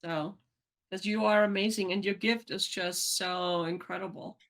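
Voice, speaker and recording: A woman's voice: medium pitch, steady tone, normal speed, a bit bright. A woman co-hosting a chat show, reacting with enthusiasm and encouragement. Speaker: podcast co-host. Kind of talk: casual chat.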